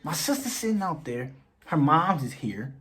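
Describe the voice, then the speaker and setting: A young man telling a personal story on his vlog in casual slang. He is animated and acts out the dialogue. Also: on the high side, moderate pace, soft background music. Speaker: vlogger.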